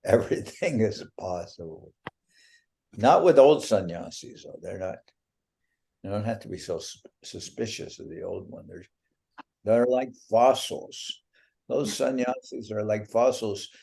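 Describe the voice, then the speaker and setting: Lowish, dark and animated, with some vocal fry, a spiritual teacher jokes with devotees on a video call. He teases them playfully as he talks, letting each punchline drag out.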